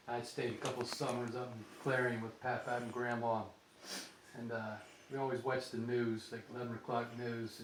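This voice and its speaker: A man telling a funny family story at a funeral luncheon, animated and laughing as he goes. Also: mid-range voice, recorded from a distance. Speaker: grandson sharing a memory. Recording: echoey room, background noise.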